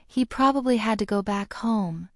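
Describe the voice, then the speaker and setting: A woman's voice: medium pitch, normal speed, dry recording, clean studio sound, close to an everyday voice. A woman voicing an earnest, studious young witch in an audiobook, explaining things carefully. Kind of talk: audiobook character reading.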